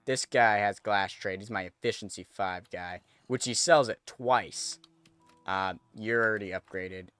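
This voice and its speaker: A man's voice: lowish voice, a little slow, fairly bright tone, smooth, dry recording. A man streaming a game, chatting casually to viewers as he thinks aloud and corrects himself. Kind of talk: casual gameplay commentary.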